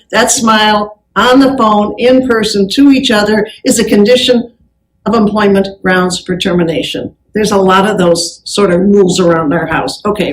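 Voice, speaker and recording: A woman giving a lively presentation on customer service to an audience, telling anecdotes in an upbeat way. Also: medium pitch, reverberant, rough recording.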